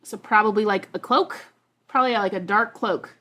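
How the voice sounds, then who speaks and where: A woman's voice: mid-range voice, brisk, pushed and bright. A woman as a player in a tabletop game, talking casually and hesitantly with a self-deprecating manner. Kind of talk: tabletop role-play chat.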